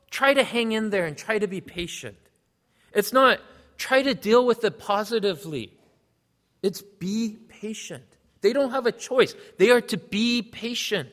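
Male pastor, earnest teaching sermon, higher voice, reverberant hall sound. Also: a bit bright. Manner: earnest, explanatory, reads scripture aloud.

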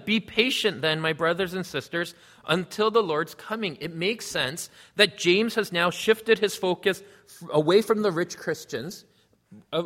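Male pastor, earnest teaching sermon, higher voice, reverberant hall sound. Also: fairly bright tone. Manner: earnest, explanatory, reads scripture aloud.

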